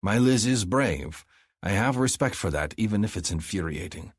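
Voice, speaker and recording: Male audiobook narrator, husky, lowish pitch, measured intense reading, dry close mic. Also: lively intonation, no room sound. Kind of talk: scripted first-person narration.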